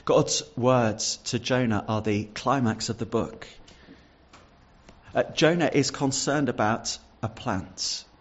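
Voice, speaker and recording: A man's voice: medium pitch, takes it slowly, lo-fi sound. A man preaching a sermon, reading Bible verses and explaining them earnestly, with some stumbles and repeated words. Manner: repeats words and restarts with fillers.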